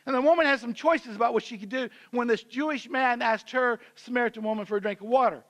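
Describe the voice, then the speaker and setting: A man's voice: very high voice, quick pace, fairly bright tone. A man preaching as senior pastor in a church, telling the story conversationally and acting out the characters' voices. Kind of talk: sermon.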